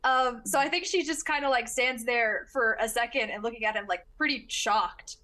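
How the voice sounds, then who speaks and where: A woman with a high, bright voice who plays a character in a tabletop game. She is excitable and laughs easily. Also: moderate pace. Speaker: player.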